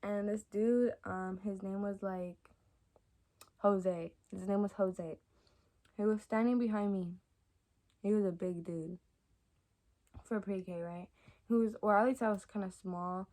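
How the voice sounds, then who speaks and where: A young adult woman vlogger telling stories to camera in a casual, rambling way, with lots of fillers and soft asides. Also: medium pitch, fairly even intonation, unhurried, pauses often. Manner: chatty and rambling, many fillers like "like" and "y'all". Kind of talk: casual storytime chat to camera.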